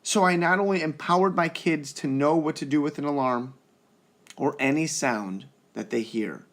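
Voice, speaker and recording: A man's voice: fairly high pitch, moderate pace. A young man talking earnestly and reassuringly to the camera in a casual parenting vlog. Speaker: parenting vlogger.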